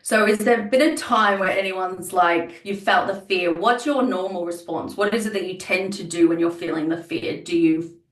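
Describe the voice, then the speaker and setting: A woman's voice: fairly low pitch, moderate pace, roomy sound, distant mic, low-quality recording. A young adult woman leading a business workshop, talking earnestly and repeating words as she thinks. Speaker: business coach. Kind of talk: workshop talk.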